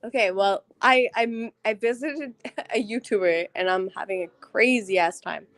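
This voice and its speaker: A woman's voice: mid-range voice, moderate pace, a bit bright. A drunk woman chatting on a live call, loose and stumbling over her words with giggles. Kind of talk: casual chat on a live call.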